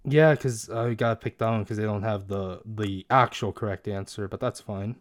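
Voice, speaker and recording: A man's voice: lowish voice, moderate pace, no room sound, studio quality. A young man chatting casually and reading quiz options aloud, swearing now and then. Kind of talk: casual chat doing online quizzes.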